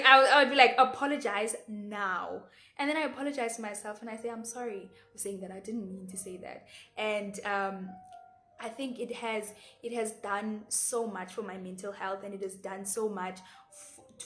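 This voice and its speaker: A Xhosa-accented South African woman in her twenties offers earnest, reflective life advice to the camera in a casual vlog. Her voice is mid-range, and she often repeats words and drops into Xhosa phrases. The room echoes, with faint music in the background.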